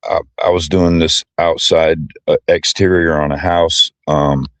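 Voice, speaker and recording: A man's voice: rumbling low, fairly even intonation, measured pace, dry recording. A man being interviewed, speaking casually and hesitantly with many ums and uhs. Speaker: interview guest.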